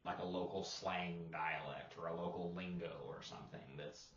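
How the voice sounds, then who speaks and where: A man co-hosting a casual roundtable talk as an English teacher, rambling and relaxed with lots of fillers. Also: sits low, normal speed, echoey room, muffled recording. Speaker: English teacher and podcast co-host.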